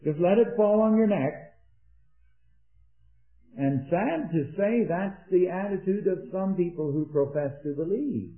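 A man preaching an earnest sermon, rising to emphatic peaks and dropping into quiet anecdotes. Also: sits high, expressive, measured pace. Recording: echoey, tinny old sermon recording.

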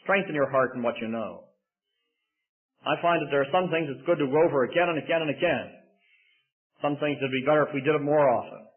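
A man's voice: on the high side, fairly quick, pauses often. A middle-aged man preaching a sermon in an earnest way that rises to emphatic bursts. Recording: tinny phone-like sound.

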